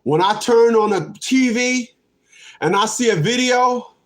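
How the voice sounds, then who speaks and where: A man's voice: very high-pitched, measured pace. A man in his fifties ranting on a livestream, laughing often, repeating himself and cursing. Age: 50s. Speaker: livestream host. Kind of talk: rambling livestream rant.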